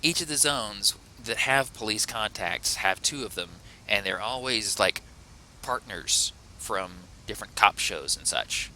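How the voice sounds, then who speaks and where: A man's voice: on the low side, lively intonation, a little slow, bright, forceful tone, slight background noise, low-quality recording. A man hosting a let's play, chatting casually through the gameplay in a rambling, self-correcting, playful way.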